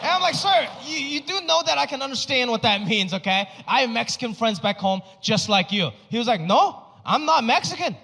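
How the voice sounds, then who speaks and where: High-pitched man doing stand-up in a hall. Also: normal speed, creaky, few pauses. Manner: animated, acts out other people with big pitch jumps. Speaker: stand-up comedian. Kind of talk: stand-up comedy set. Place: comedy stage before a live audience. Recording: live hall reverb with crowd noise.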